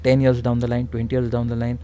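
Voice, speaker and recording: A man with an Indian English accent, a neurosurgeon guest in an interview, explaining in a measured way with frequent hesitations. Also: medium pitch, completely flat delivery, dark tone, a little hiss or hum. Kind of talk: conversational interview.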